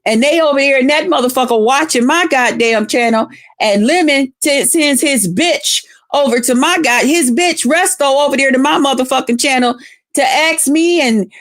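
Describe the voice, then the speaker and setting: A woman on a livestream rants through a long grievance, swearing freely and looping back on her own points. Her voice sits a little high, and she breaks off now and then to greet viewers by name. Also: fairly bright tone. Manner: profane, rambling storytelling, greeting viewers mid-story. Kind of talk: casual livestream rant.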